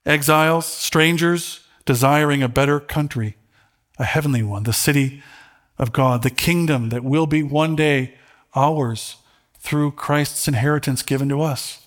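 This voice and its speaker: Earnest man preaching, choking up. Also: on the high side. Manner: earnest, halting with repeated words, rising when reading scripture aloud. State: holding back tears. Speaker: pastor. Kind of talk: sermon.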